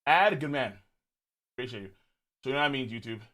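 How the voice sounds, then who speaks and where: A man live-streaming his reaction to viewers, excitable and loud, with frequent outbursts and swearing. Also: mid-range voice, fast. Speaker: streamer reacting to a manga chapter.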